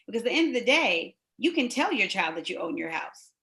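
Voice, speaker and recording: A woman's voice: medium pitch, very animated, brisk, creaky, sharp tone. A middle-aged woman co-hosting a conversation, speaking in an engaged, affirming way. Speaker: co-host. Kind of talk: conversational talk.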